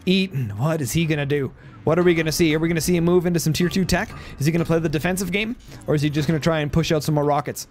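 A man's voice: fairly high pitch, quick pace, slight background noise. A man giving casual, jokey play-by-play commentary on a strategy game match, his voice starting to tire. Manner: jokey, excitable, voice going tired.

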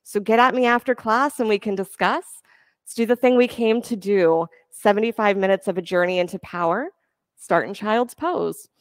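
A woman yoga instructor giving calm, encouraging cues for breath and poses during a class. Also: mid-range voice, moderate pace, no echo, studio quality.

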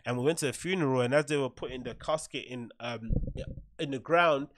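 A man's voice: mid-range voice, fairly quick, fairly bright tone, dry recording, clean studio sound. A man hosting a podcast, giving a blunt, opinionated commentary monologue full of "right?" asides and swearing. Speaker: podcast host.

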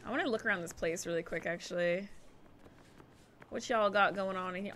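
A woman's voice: medium pitch, normal speed, fairly bright tone, slight background noise. A woman streamer casually commenting while she plays a game, chatty and giggly, talking to herself as she explores. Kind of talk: casual let's-play commentary.

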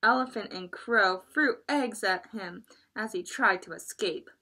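A woman librarian reading a picture book aloud at children's story time, expressive and adding chatty asides for the kids. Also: mid-range voice, a little slow.

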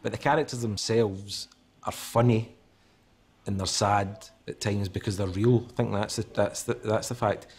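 A man's voice: on the low side, steady tone, normal speed, slightly rough. A man giving earnest interview commentary about a comedy show's characters.

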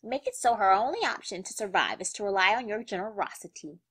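Brief: woman reading a cruel scheming man, cold and calculating, bright tone. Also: mid-range voice, expressive, quick pace, husky.

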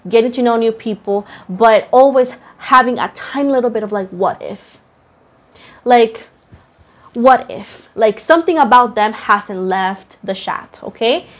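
A young woman giving a tarot reading to her viewers, emphatic and repetitive, swearing casually and calling them pet names. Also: a little high. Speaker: tarot reader.

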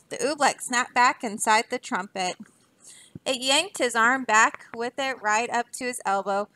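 A woman, a teacher, reading a children's storybook aloud with lively expression. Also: a little high, normal speed, dry recording.

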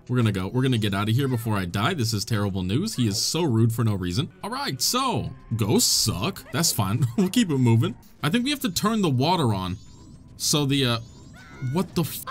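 A young man doing let's play commentary, excitable and joking, swearing casually. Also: medium pitch, normal speed. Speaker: gaming YouTuber.

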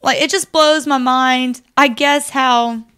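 A young woman co-hosting a faith podcast, talking in an animated, chatty way with lots of fillers. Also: high-pitched, takes it slowly, clear, resonant tone. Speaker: podcast co-host. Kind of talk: casual faith discussion.

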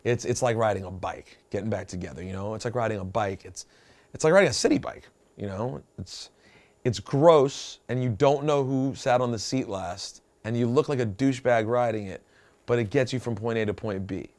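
A man's voice: fairly low pitch, moderate pace. A man hosting a radio show in a studio, telling stories and teasing his co-host in comedic banter. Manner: teasing, animated storyteller.

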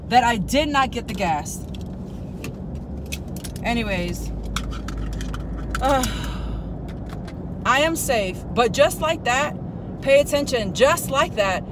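A woman vlogging outdoors at night near a gas station, cursing, scolding herself and bluntly lecturing her viewers. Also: high-pitched. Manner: profane, self-scolding venting. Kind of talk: casual vlog monologue. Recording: outdoor traffic noise.

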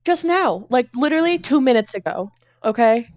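A woman's voice: high voice, animated, darkish tone, no echo. Sassy woman playing her tabletop character. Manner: sassy, quick, laughs at own slips. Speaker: player.

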